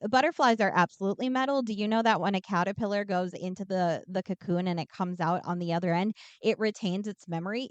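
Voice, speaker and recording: A woman co-hosting a podcast, giving a casual, irreverent, profane recap of a film and tossing off quick character voices. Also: medium pitch, clean tone, dry recording, dull audio. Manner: irreverent, swears freely, acts out characters in quick asides. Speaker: podcast co-host summarizing a film. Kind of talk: casual comedic movie recap.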